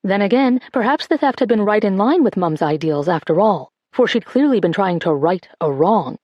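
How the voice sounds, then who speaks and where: A woman narrating an audiobook in a measured, expressive reading. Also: medium pitch, no room sound, highs cut off.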